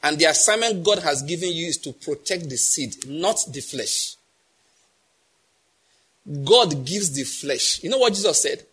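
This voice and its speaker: A man's voice: a little high, lively intonation, measured pace, pushed and bright, husky. A middle-aged man with a Nigerian accent preaching a sermon, emphatic and quizzing the congregation with repeated questions. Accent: Nigerian English. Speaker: pastor.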